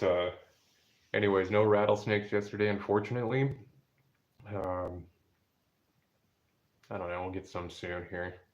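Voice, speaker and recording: Low, flat-voiced rambling outdoorsman. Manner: rambling, lots of fillers and restarts. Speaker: outdoor vlogger. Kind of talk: casual rambling chat. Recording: dull lo-fi recording.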